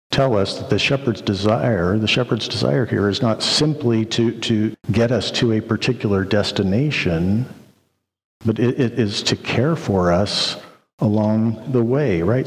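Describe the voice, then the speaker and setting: A man preaching a sermon, slow and reflective, with many pauses. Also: on the low side. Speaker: pastor. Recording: long reverb of a hall.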